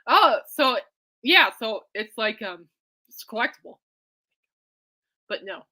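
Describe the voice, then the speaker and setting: A woman's voice: fairly high pitch, lively intonation, takes it slowly, pushed and bright. A woman hosting a podcast in casual, rambling chat, giggly and reacting to listener comments. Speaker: podcast host.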